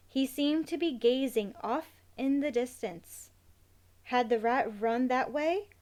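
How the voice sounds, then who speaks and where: A woman narrating a children's novel in a measured, expressive storytelling voice. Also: on the high side.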